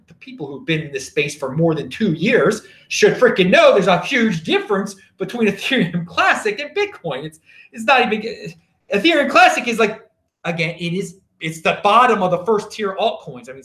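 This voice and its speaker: A man's voice: sits high, sing-song, normal speed, bright, forceful tone, roomy sound. A man hosting his own video show, talking in an emphatic, sarcastic way with frequent restarts. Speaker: crypto video host. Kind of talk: casual opinionated monologue.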